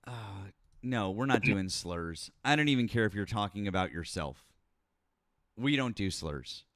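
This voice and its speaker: A man hosts a live call-in politics stream, arguing bluntly, sarcastically and profanely with callers in a heated debate before reading viewer messages. His voice is on the low side, expressive, a bit bright and a little slow, with studio quality and no room sound.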